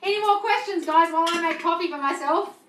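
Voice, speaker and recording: Her voice is very high, quick and fairly bright, with slight background noise around it. She's a woman hosting a casual phone livestream from home, blunt and chatty as she reads and answers comments, swearing, calling people darling and moving into the kitchen.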